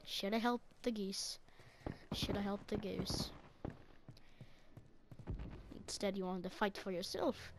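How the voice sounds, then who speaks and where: A woman hosting a gaming channel, giving excitable running commentary to herself and her teammates as she plays. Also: medium pitch, normal speed, noisy background. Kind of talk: live gameplay commentary.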